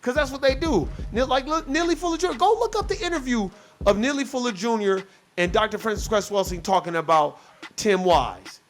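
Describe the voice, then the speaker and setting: High-pitched man ranting, profane and heated. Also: expressive, brisk. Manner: profane, heated, mocks others in quoted voices. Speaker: podcast host. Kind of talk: casual ranting commentary.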